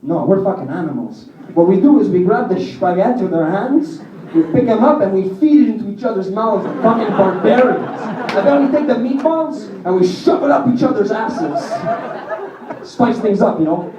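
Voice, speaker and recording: A man's voice: high voice, lively intonation, moderate pace, a crowd in the background, noisy background. Young man doing crude stand-up. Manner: crude, rambling storytelling with audience laughs. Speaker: stand-up comic. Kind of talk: stand-up comedy set. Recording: distant roomy lo-fi club recording. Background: audience laughter.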